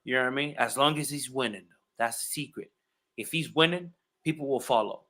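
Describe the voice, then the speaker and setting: A man's voice: medium pitch, fairly quick, sharp tone, poor audio. A man hosting a casual fight podcast who breaks down the matchups emphatically and repeats his key phrases. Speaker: podcast host and fight analyst.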